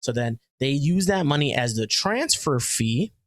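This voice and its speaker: A man in a casual podcast chat, joking and restarting his sentences often. His voice sits at a middle pitch. The sound is dry and close, with no room around it. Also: big pitch swings, unhurried, no echo. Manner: chatty and joking, with frequent fillers and restarts. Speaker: podcast co-host.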